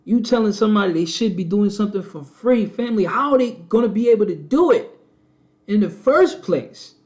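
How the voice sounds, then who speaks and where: A man's voice: sits high, animated, brisk, a little mellow. Preachy man on a lo-fi stream. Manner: preachy, repetitive, addresses viewers as family. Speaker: channel host. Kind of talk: casual live-stream commentary.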